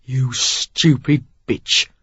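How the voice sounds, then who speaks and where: A narrator doing a grim, menacing club owner. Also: male voice, moderate pace, creaky, husky, dry recording. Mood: hateful. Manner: low, cold, threatening. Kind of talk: audiobook character voice. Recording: dull lo-fi dry recording.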